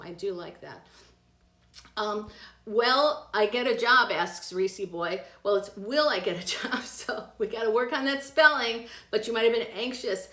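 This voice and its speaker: A woman in her fifties from the American Midwest, giving tarot readings in a chatty, animated way and laughing often. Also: medium pitch, reverberant. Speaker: psychic doing live tarot readings. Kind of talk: casual live-stream chat.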